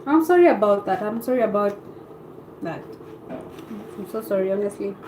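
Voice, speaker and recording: A woman's voice: medium pitch, lively intonation, moderate pace, background noise. A woman from Kenya with a Kenyan accent, hosting a casual live stream and chatting back to viewer comments.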